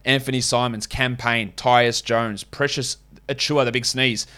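A man's voice: medium pitch, fairly even intonation, moderate pace, pushed and bright. A man with an Australian accent hosting a solo sports podcast in a casual, blunt, opinionated way, swearing now and then. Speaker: fantasy basketball podcast host.

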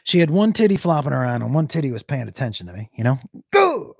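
A young adult man, a comedian, telling a comic story with lively bursts into shouted voices. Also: mid-range voice, rapid-fire, gravelly, slightly rough, no echo, clean studio sound. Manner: animated, jumps into shouted impressions.

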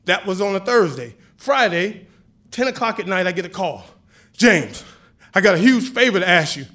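Man, high-pitched, storyteller, animated, casual, acts out dialogue. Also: normal speed. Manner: casual, chatty with swearing. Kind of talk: live personal storytelling.

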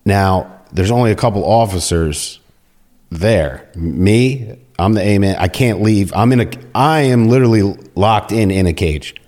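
Blunt, swearing deep-voiced former prison officer. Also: male voice, measured pace. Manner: blunt, heavy swearing, animated retelling with quoted dialogue. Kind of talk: casual storytelling in an interview.

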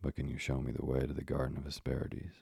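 A bold young hero on a quest, voiced by a man reading a storybook aloud. His replies come steady and low, in a very deep, dark, gravelly voice with almost no rise and fall. The sound is dry and close to the mic. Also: fast talker, dry recording, full character voice. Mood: plain.

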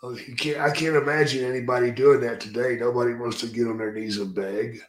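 A man's voice: medium pitch, fairly even intonation, fairly quick. A man hosting a podcast in a casual interview, talking bluntly and swearing freely with strong opinions. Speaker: podcast host. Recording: roomy echo.

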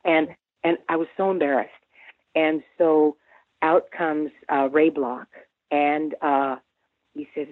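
A woman in her seventies, a guest on an interview, telling an anecdote in a lively way, humming tunes and restarting her sentences. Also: low-pitched, unhurried, long pauses, no room sound. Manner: animated storyteller who hums tunes and restarts often. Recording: dry, tinny phone line.

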